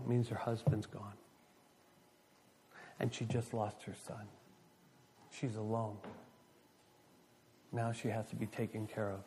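A middle-aged man preaching a sermon, an animated storyteller who reads scripture and acts out the voices of people in his stories. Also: mid-range voice, a little hiss or hum. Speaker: pastor.

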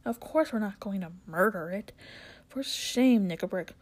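A woman voicing a decent, red-haired male dwarf who talks in brisk exclamations, reading a storybook aloud. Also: medium pitch, expressive, close to an everyday voice. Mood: indignant.

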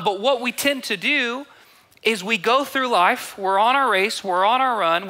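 A man's voice: high-pitched, sharp tone. A young man preaching a sermon, reading scripture aloud and acting out quoted voices, repeating phrases for emphasis. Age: 20s to 30s. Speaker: pastor.

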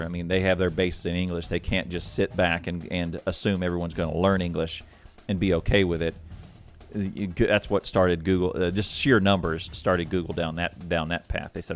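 A man guest-hosting a casual podcast chat, thinking aloud and rambling with frequent restarts. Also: low voice. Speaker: guest host.

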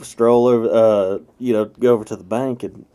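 A man's voice: on the low side, steady tone, moderate pace, mellow, clean tone. A man, co-hosting a podcast and telling a fishing story in a casual, laughing, profane way. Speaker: podcast co-host.

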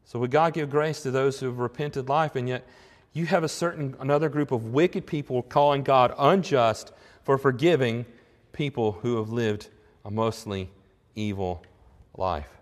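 A man's voice: medium pitch, moderate pace, long reverb tail. A man preaching a sermon in an earnest, conversational way, rising into emphatic swells on key points. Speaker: pastor.

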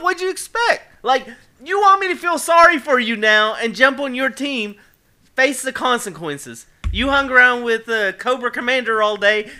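High bright-voiced man, joking around. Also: moderate pace. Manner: animated, joking, rambling. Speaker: podcast co-host. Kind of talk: casual chat.

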